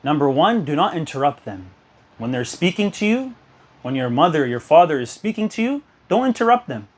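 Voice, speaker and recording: A man's voice: a little high, sing-song, brisk. A young man giving an earnest sermon to a youth gathering, telling stories and urging listeners. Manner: earnest, exhortative, storytelling. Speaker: youth speaker.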